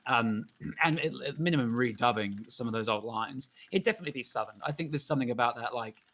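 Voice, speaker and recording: Man, casual stream chat, giggly and rambling, swears a lot, mid pitch. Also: animated, fast talker, a bit bright. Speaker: guest animator.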